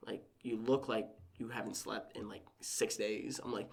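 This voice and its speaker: A man's voice: fairly low pitch, fairly even intonation, unhurried, creaky. A young man chatting as a podcast guest, rambling through a personal story with lots of "like" and acting out what his family said. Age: young adult. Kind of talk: casual podcast conversation.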